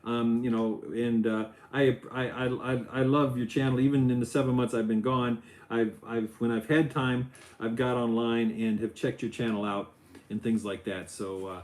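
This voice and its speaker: A middle-aged man hosting a casual Lego building livestream, loose and chatty, his voice jumping up when he gets excited. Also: medium pitch, moderate pace. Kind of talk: casual chat while building. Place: home office.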